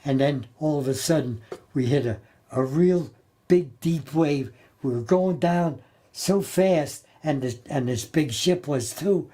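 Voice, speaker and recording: An older man recalling his time as a Navy sailor in a halting, plain-spoken way, often repeating and restarting his words. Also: a little high, mellow, husky. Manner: plain-spoken, colloquial grammar. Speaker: Navy veteran interviewee. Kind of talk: oral history storytelling.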